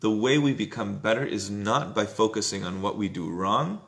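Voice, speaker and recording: Man, low pitch, gravelly, casual teacher, conversational, text study class. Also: normal speed. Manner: conversational, often asks "right?", acts out inner voices loudly. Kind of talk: informal text study lesson.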